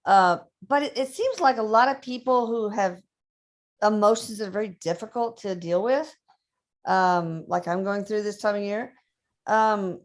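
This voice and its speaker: A woman co-hosting a casual livestream, reading out viewer questions with chatty asides. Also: mid-range voice. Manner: chatty, reads questions aloud, quick asides.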